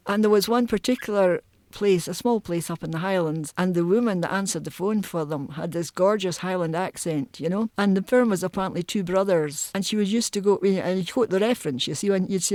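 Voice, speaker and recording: An older Scottish woman reminiscing about her working life, amused and lively, often breaking into voices. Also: medium pitch, a little fast, hardly any pauses, dry recording. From Scotland. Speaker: oral history interviewee. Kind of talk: storytelling reminiscence.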